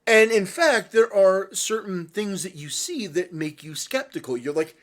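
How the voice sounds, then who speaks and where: A man's voice: sits high, very animated, measured pace. A man giving direct-address commentary, earnest and lecturing as he speaks straight to the person he is answering. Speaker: online commentator.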